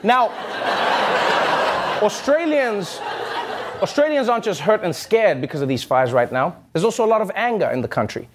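A man hosting a comedy news show, delivering a satirical monologue with punchy jokes and quick asides. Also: high voice, sing-song. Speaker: host.

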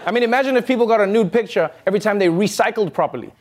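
A man's voice: high-pitched, rapid-fire. A man hosting a comedy news segment, delivering scripted jokes and laughing between punchlines. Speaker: comedy show host.

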